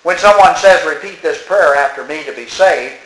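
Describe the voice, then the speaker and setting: A man's voice: fairly high pitch, normal speed, a bit bright, roomy sound, poor audio. A man reading a religious tract aloud and commenting on it as he goes, emphatic and scolding. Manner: emphatic, scolding, talks back to the text.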